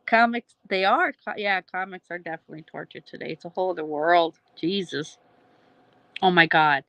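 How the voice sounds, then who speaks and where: A woman's voice: fairly low pitch, normal speed, pushed and bright, no room sound, dull audio. A woman hosting a casual livestream, rambling between thoughts, laughing often and swearing freely. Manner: laughs often, swears, trails off mid-sentence. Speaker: livestream host.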